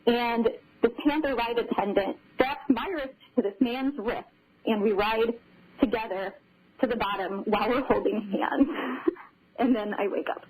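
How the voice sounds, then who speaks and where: A woman's voice: on the high side, measured pace, darkish tone, low-quality recording. A woman telling a long dream story on a radio show, laughing often as she talks. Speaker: caller sharing a dream.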